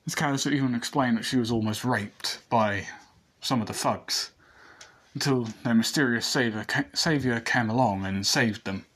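A man with a husky voice reads a fan story aloud in a casual, rambling way. He restarts sentences and adds asides as he goes, at a medium pitch. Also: normal speed, fairly bright tone.

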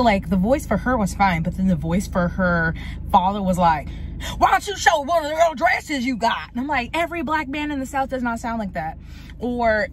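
A woman's voice: lowish voice, noisy background. A young woman vlogging in a casual, frank way, swearing freely and talking about being tired and crampy. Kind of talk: casual vlog chat. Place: in a car, then at home.

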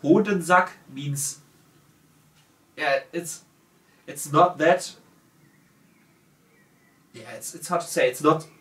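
A German man with a German accent, casually reading out viewer comments in halting, self-correcting English. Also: a little high, a bit bright. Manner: halting, self-correcting, laughs at own words. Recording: roomy sound from a distant mic.

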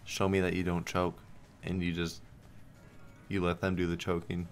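A young man with a low, deep voice commentates his own slot spins in a loose, casual way. He curses, begs and turns sarcastic as the game lets him down. Faint music plays quietly behind him. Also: completely flat delivery, normal speed. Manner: swears and pleads at the game, frustrated and sarcastic. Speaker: slot streamer. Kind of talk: casual gambling stream commentary.

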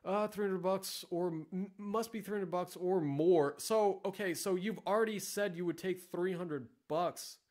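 A man hosts a casual vlog and keeps up a rambling, sarcastic running commentary. His voice sits a bit high, and he swears freely. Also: unhurried, hardly any pauses, a little mellow. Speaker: vlog host. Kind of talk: casual commentary reading ads.

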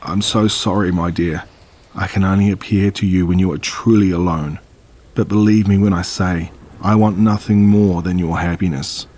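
A man voicing an elderly fairy godmother who speaks gently and apologetically. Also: low-pitched, fairly even intonation, normal speed. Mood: apologetic.

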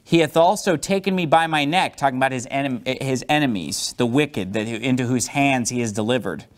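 A man's voice: mid-range voice, fairly quick. A man pastor preaching a sermon, explaining scripture verse by verse and acting out angry teeth-gritting to make his points.

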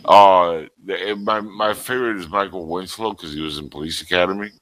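A man chatting casually on a roundtable, retelling movie scenes in an animated way and swearing freely. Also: low-pitched, normal speed, low-quality recording. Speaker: roundtable panelist. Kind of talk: casual chat.

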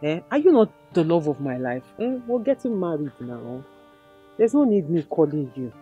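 A Nigerian fiancée with a sharp tongue, mocking and scolding in a movie drama. Her accent is plainly Nigerian, and a faint music score plays under her lines. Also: low-pitched, sing-song, moderate pace, phone-quality sound. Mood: coaxing. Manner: mocking, scolding, switches into pidgin taunts. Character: sharp-tongued fiancée confronting a cheating man.

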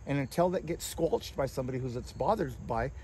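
A man's voice: medium pitch, brisk, slight background noise. Survival guy chatting outside, does voices when he tells stories, faint crickets. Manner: animated storyteller who acts out scolding voices. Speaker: survival skills expert, guest. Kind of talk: outdoor conversation. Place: outdoors among bushes. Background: crickets and insects.

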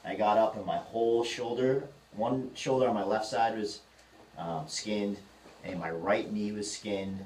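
A man in his thirties rambles through a story on a casual podcast, jumping into the voices of the people in it. His voice sits low, and he sounds a little away from the mic in an echoey room with faint noise behind him. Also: measured pace, far from the mic. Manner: rambling, animated storyteller acting out quotes. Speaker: podcast co-host.

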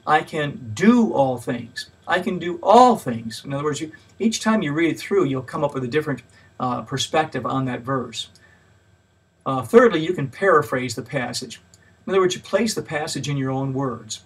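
A man's voice: mid-range voice, lively intonation, a little fast, breathy edge, recorded from a distance. A man giving a mini lecture on Bible study in a plain, patient teaching manner, with frequent fillers and extra stress on each point he lists. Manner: stresses key words when listing points.

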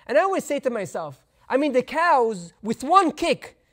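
A man's voice: very high voice, very animated, moderate pace, fairly bright tone, exaggerated voice. A man playing a humble male village school teacher who explains himself in a reflective, patient way while telling a story in a sermon. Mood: wondering.

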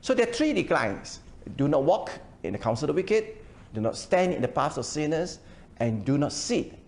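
An older pastor preaches a sermon in church, explaining scripture line by line while often hesitating with "uh" and repeating words. His voice is fairly high, creaky, and darkish in tone.

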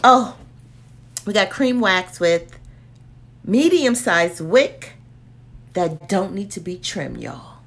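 Lively woman reviewer who drifts into whispers. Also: lowish voice, slow pace, gravelly. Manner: chatty and playful, often dropping to a whisper. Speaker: candle reviewer vlogger. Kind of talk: casual chat.

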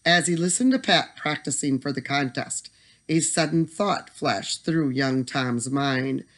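A storyteller reading a bedtime story aloud in an expressive manner that slows for tension. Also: mid-range voice.

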